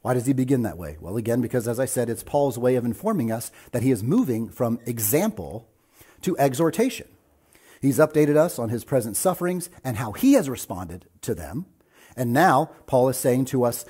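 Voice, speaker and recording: A male pastor preaching a sermon, his voice husky and mellow. He talks earnestly and presses hard on his key points. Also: medium pitch, animated, moderate pace.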